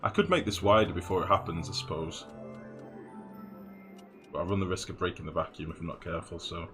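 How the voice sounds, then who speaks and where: Low-voiced man with game music behind. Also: steady tone, fairly quick. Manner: thinks aloud, mutters numbers, swears casually. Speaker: let's play host. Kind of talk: casual gameplay commentary. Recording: game music playing underneath.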